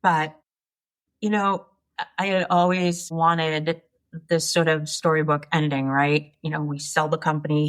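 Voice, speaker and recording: A woman in her sixties, an entrepreneur guest, telling her life story frankly and with animation in an interview. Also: low voice. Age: 60s. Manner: frank, animated, swears casually.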